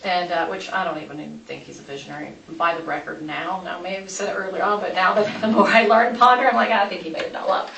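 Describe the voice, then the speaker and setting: Woman interviewee, gravelly, rambling storyteller; far-off mic in a reverberant room. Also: lowish voice, fast, few pauses, fairly bright tone. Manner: rambling, many restarts and asides. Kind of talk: recounting events in a police interview. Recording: echoey room, distant mic, background noise.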